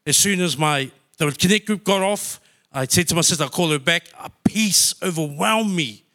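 Bright higher-voiced guy from new zealand, emotional church testimony. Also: moderate pace. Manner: heartfelt, emotional storytelling. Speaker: church member sharing testimony. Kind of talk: personal testimony.

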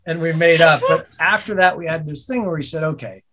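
A man telling a personal story in a casual podcast conversation, animated and swearing freely, laughing as he goes. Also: on the high side, brisk. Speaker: podcast guest, business co-owner.

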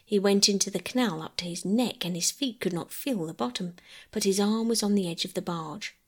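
A woman storyteller reading a classic children's novel aloud as a calm bedtime story. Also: medium pitch, fairly quick.

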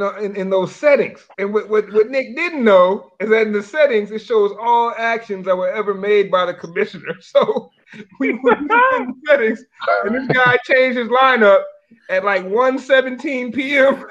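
Very high, lively man who laughs a lot. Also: moderate pace, lo-fi sound. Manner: laughing, keeps cutting in. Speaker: podcast panelist. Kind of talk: animated casual chat.

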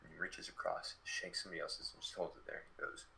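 A young man in his late teens retells a story in a loose, chatty way, leaning on fillers as he goes. His voice sits low but has a very bright, sharp edge. Faint noise hums in the background. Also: little pitch movement, fast talker, vocal fry, low-quality recording. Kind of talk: casual storytelling.

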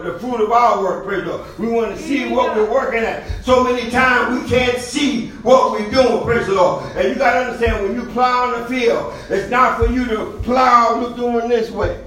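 A man preaching a sermon, building to shouts and punctuating lines with 'praise the Lord'. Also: very high-pitched, steady tone, normal speed, hardly any pauses. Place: church. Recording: echoey room, voice from a distance.

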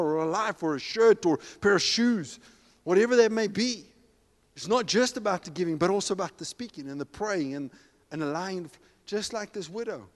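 A man preaching a sermon, telling stories animatedly and acting out the dialogue with bursts of shouting. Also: high-pitched. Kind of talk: sermon storytelling. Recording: long hall reverb.

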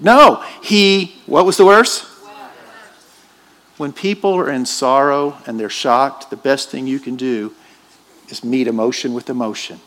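A man's voice: a little high, unhurried, a bit bright. A man preaching a sermon in a church, emphatic and questioning his congregation. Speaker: pastor.

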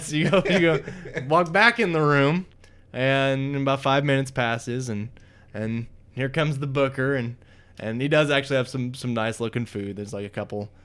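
Brief: male game master, low halting narration. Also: steady tone, fairly bright tone, smooth. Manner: low, hesitant narration with many fillers.

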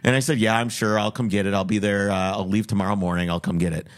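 A man's voice: on the low side, steady tone, quick pace. A young man with a Minnesotan accent co-hosting a casual chat, rambling through a story and acting out the voices of people he quotes.

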